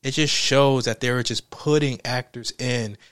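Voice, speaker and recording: A man's voice: mid-range voice, steady tone, normal speed, fairly bright tone, dry recording, studio quality. Exasperated man ranting about a movie. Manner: profane, exasperated, laughs often. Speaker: movie reviewer. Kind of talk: casual film review rant.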